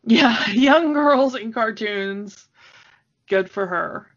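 A woman's voice: a little high, extremely slow, a bit bright. A woman in her thirties co-hosting a podcast, chatting casually and laughing often. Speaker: podcast co-host. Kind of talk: casual chat. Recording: dull lo-fi sound.

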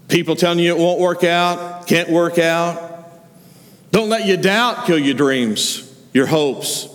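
A man preaching a sermon, retelling stories and acting out the voices of the figures he quotes. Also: fairly high pitch. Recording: long hall reverb.

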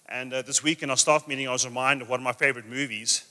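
A man preaching a sermon to a live church audience, emphatic and energetic, easing into soft drawn-out phrases. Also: medium pitch. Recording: reverberant hall with soft guitar behind.

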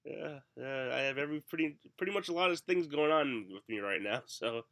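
A middle-aged man whose voice is hoarse and raspy after the flu, with a cough breaking through. His tone is bright and forward, and he rambles through self-mocking stories in a relaxed chat. He sounds like a co-host talking freely. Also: fairly high pitch, a little fast. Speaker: podcast co-host. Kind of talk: casual chat.

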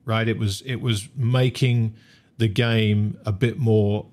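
A man's voice: on the low side, steady tone, slow pace, darkish tone. A man, co-hosting a sports discussion, thinking aloud with frequent restarts and hedges. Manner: musing, hesitant, many restarts. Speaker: podcast co-host. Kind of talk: casual discussion.

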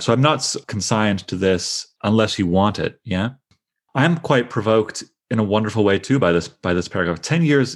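A man with a fairly low voice leads a book discussion. He speaks with animated emphasis and reads passages aloud. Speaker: discussion leader.

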